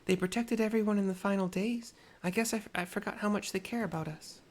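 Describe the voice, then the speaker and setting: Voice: medium pitch, fairly even intonation, fast talker, voice pushed up, lightly acted. A gamer voicing a little girl who worships a local hero, pleading and childlike. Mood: apologetic. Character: small anxious girl who idolizes a hero.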